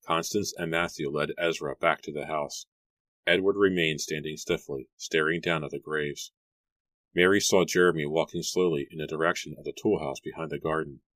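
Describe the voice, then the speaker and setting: A man narrating an audiobook in a measured storybook reading. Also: very deep voice, fairly even intonation, fairly bright tone, no room sound.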